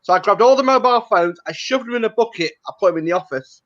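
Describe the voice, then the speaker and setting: High-voiced Northern English man. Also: expressive, quick pace, fairly bright tone. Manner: blunt, swears with British slang. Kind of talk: casual chat. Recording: dull lo-fi audio.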